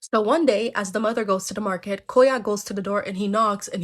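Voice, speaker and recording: A woman's voice: mid-range voice, fairly even intonation, brisk, hardly any pauses. Chatty woman telling folktales. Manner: chatty, slangy, with asides to listeners. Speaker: storyteller. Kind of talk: casual storytelling.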